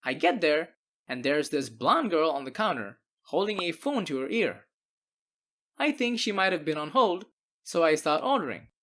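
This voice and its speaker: A woman's voice: low voice, very animated, normal speed, fairly bright tone. Wry woman storytime narrator. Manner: wry, sarcastic asides. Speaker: narrator of animated internet stories.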